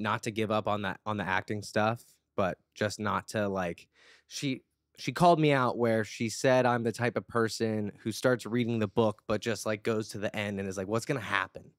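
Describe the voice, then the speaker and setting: A man's voice: on the low side, dry recording, clean studio sound. A man co-hosting a podcast, chatting casually and earnestly, rambling with lots of fillers. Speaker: podcast co-host. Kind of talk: casual chat.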